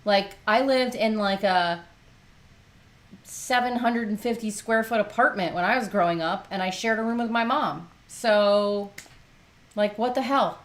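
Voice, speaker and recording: A woman's voice: mid-range voice, unhurried. A middle-aged woman co-hosting a livestream, chatting candidly and often sounding exasperated about her kids. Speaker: livestream co-host. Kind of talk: casual chat.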